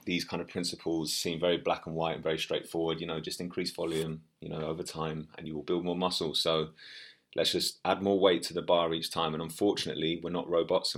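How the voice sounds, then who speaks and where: A man with an extremely deep voice hosts a casual podcast chat. His delivery is flat and measured, and he guides the conversation along. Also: slightly rough.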